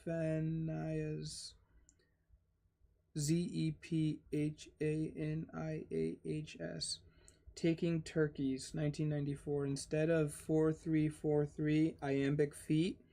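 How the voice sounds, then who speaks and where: Slow-reading young man spelling words aloud. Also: on the high side, creaky. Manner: slow, spells out words letter by letter, excitable asides. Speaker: channel host reading a textbook aloud. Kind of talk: casual read-aloud with commentary.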